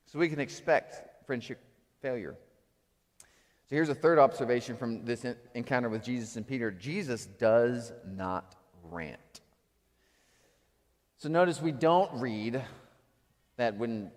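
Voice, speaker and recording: A man preaching a sermon as pastor, animated, moving between loud acted outbursts and quiet reflective passages. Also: medium pitch, measured pace, long pauses, in a large hall. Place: church sanctuary.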